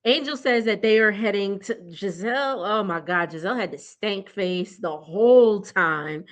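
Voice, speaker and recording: A woman's voice: mid-range voice, moderate pace. A young adult woman, giving a casual, blunt TV recap that is chatty and full of laughter. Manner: chatty and blunt, laughing often, addressing viewers as y'all. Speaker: TV recap vlogger.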